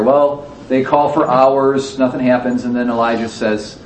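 A man's voice: mid-range voice, flat delivery, normal speed, hardly any pauses, a little mellow. A man teaching a Bible lesson to a class, talking conversationally, asking the audience questions and acting out the quotes. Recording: echoey room, distant mic, faint background noise.

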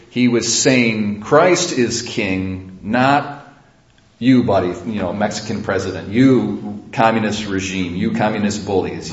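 A low-voiced male priest giving a homily in a church. He talks in an easy, conversational way, pausing on fillers and restarting his sentences. The sound is dull and carries an echo off the church walls. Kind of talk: sermon.

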